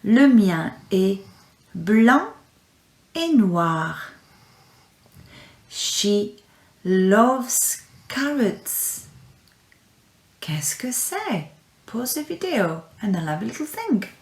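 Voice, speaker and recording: A woman teaching French to young children in a recorded lesson, speaking clearly and encouragingly and repeating words for her pupils. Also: mid-range voice, sing-song, very slow, pauses often. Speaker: primary school French teacher. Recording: echoey room.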